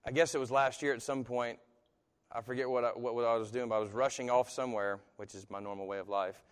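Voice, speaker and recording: A man preaching a sermon as pastor, swinging from hushed, slow phrases to loud, emphatic ones. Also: medium pitch, fairly even intonation, clear, resonant tone. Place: church sanctuary. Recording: long hall reverb.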